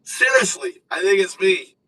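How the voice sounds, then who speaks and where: Excitable swearing man streaming live. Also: a little high, measured pace, distant mic, rough recording. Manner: excitable, swearing, trailing restarts. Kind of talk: casual live-stream chat. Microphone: phone.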